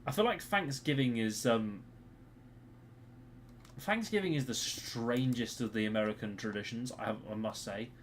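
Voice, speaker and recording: A man's voice: medium pitch, moderate pace, a little hiss or hum. A British man streaming a game live, grumbling and swearing at his teammates' play. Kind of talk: live gameplay commentary.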